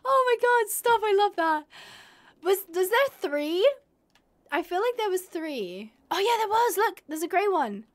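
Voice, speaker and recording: A woman's voice: very high voice, very animated, unhurried. A young woman streaming a game live, chatting to viewers and gushing and squealing over cute animals.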